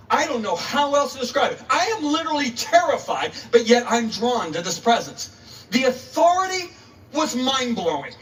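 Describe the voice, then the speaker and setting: A man's voice: very high-pitched, fairly bright tone. A male preacher telling a story in a sermon, dramatic and emphatic, acting out the voices, recorded on a distant mic. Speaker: preacher, guest speaker.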